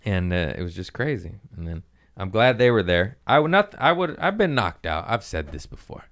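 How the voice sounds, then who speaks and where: A man's voice: on the low side, sing-song, moderate pace, fairly bright tone. A man hosting a podcast, casually telling a rambling, profane story about his comedy gig.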